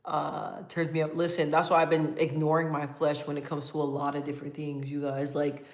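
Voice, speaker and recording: A woman's voice: deep voice, fairly quick. Woman chatting on her livestream, reads out comments, laughs a lot, kinda echoey room. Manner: many fillers, calm even tone. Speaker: livestream host. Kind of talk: casual livestream chat.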